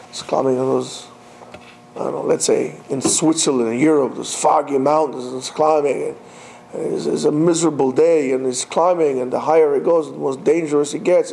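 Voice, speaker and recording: A man giving a Torah class, telling a story in an animated way and mixing Hebrew terms into his speech. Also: a little high, creaky, a little hiss or hum. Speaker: Torah teacher.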